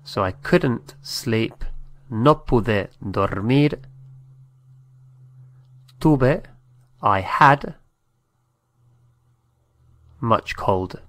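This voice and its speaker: A man's voice: mid-range voice, lively intonation, drawn-out words, pauses often, a bit bright. A man giving a patient language lesson, spelling out words letter by letter. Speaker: Spanish teacher.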